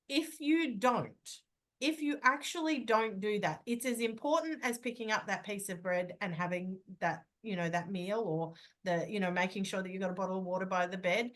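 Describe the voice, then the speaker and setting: A woman's voice: medium pitch, fairly bright tone. A woman hosting a podcast interview, talking in an emphatic, persuasive way. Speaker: podcast host.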